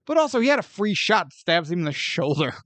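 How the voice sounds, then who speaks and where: Animated, lively man reviewing a movie. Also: high voice, a little fast, dry recording. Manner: animated and joking, often laughs and acts out scenes. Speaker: podcast co-host. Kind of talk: casual movie review chat.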